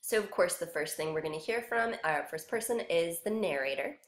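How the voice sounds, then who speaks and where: A woman with a fairly low voice gives a music lesson, explaining each point patiently and step by step. Her voice carries a roomy echo. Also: expressive, fairly quick. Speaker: music teacher.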